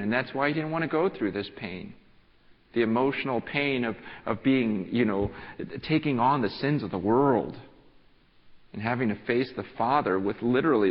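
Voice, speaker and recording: A male pastor preaching a sermon, moving from hushed reflection to fervent pleading, often restarting phrases. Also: lowish voice. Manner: passionate, builds from hushed to pleading. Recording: dull audio with long hall reverb.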